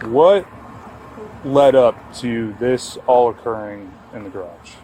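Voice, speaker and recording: A man questioning a woman as a deputy, brisk and steady as he reads out her rights. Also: medium pitch, rough recording. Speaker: sheriff's deputy. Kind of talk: police questioning. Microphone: body camera. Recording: body camera audio with outdoor noise.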